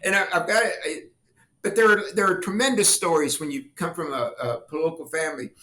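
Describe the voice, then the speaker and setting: A man's voice: fairly high pitch, brisk, roomy sound, a little hiss or hum. An older man, a former congressman, telling family stories in an interview and acting out the voices of the people in them. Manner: animated storyteller acting out quoted voices, laughing. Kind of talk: storytelling interview talk.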